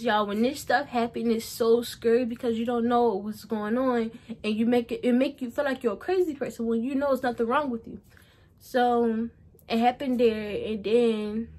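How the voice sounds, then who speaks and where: A young adult woman telling a personal story in a casual vlog, rambling and often repeating herself. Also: fairly high pitch. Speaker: vlogger.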